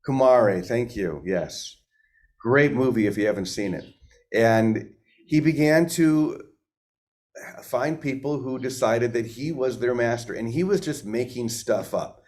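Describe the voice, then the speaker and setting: A man's voice: medium pitch, measured pace, a little mellow. A man hosting an informal spiritual talk in a conversational way. He asks his listeners questions and often repeats words as he thinks aloud. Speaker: spiritual teacher and host.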